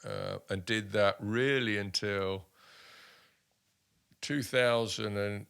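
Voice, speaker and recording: A man in his sixties from the United Kingdom, an army veteran telling stories in an interview, animated and full of restarts. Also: lowish voice, slow, gravelly, smooth. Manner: animated anecdotes with many restarts and voiced quotes. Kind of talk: casual storytelling interview.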